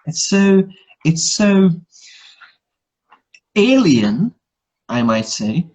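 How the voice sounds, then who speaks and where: A man's voice: on the high side, very animated, extremely slow, darkish tone. A man whose first language is Hungarian, co-hosting a casual English-learning chat on a live stream, often repeating his words and laughing.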